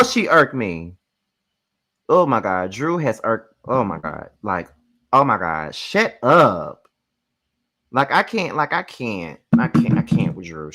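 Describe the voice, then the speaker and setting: Low-voiced, lively woman ranting bluntly. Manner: blunt, profane and exasperated; emphatic, repeats her points. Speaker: reality TV reviewer. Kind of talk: casual live review rant.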